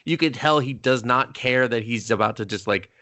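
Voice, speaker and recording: A man's voice: mid-range voice, normal speed, sharp tone, no echo. A man co-hosting a casual movie review podcast, recapping scenes in a rambling, profane way full of fillers. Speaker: podcast co-host.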